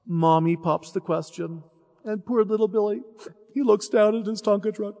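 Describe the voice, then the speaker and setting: A man preaching a mission sermon who tells a story in an animated way and acts out its characters. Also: high voice, moderate pace, gravelly, in a large hall.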